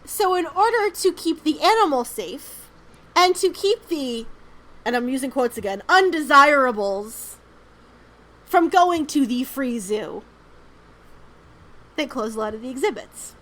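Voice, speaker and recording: Speaking at a measured pace with long pauses, a high-pitched woman with lively intonation tells rambling stories while co-hosting a podcast. The chat is casual, loaded with "um" and "like," and she swears without restraint. The recording is low quality.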